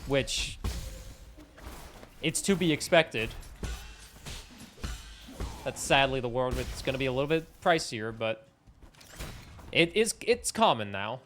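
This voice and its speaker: A man's voice: mid-range voice, animated, takes it slowly, pauses often, a bit bright, faint music behind. A young man streaming a game live, chatting in a rambling, self-mocking way and swearing casually. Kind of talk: casual live-stream chat while gaming.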